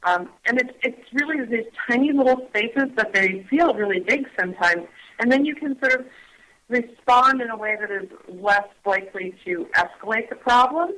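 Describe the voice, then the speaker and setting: A woman guest on a radio talk show who explains things gently and hesitantly, with many pauses and restarts. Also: on the high side, poor audio. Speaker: guest on mindfulness. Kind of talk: casual radio chat.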